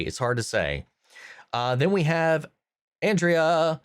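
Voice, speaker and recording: Here the reaction-channel host has a medium-pitched voice that swoops wildly up and down, speaking at a normal speed. The studio recording is clean and dry as he muses casually about a series episode, often using fillers and starting over.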